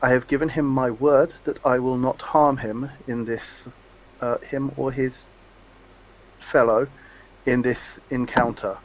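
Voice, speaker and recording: A stately fae diplomat, courteous and carefully formal, as a man plays him. He speaks in a measured, persuasive way. The sound is slightly dull and lo-fi. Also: medium pitch, fairly even intonation, lightly acted. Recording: lo-fi microphone.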